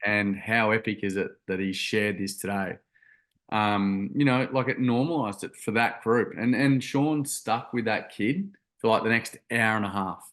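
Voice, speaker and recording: A man's voice: on the low side, measured pace, fairly bright tone. A young man telling a story in an interview, earnest and rambling with many ums and restarts. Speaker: guest, youth workshop founder.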